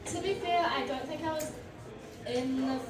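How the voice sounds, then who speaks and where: A woman's voice: high-pitched, normal speed. A woman with a New Zealand accent, a guest on a convention panel, talking casually and keenly with lots of filler words. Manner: casual, enthusiastic, many fillers. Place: large convention hall. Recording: echoey hall, distant mic, hum.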